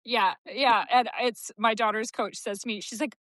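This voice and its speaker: A woman's voice: on the high side, fairly even intonation, moderate pace, a bit bright, no room sound. A woman hosting a podcast, chirpy and blunt, laughing often in casual chat. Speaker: podcast host.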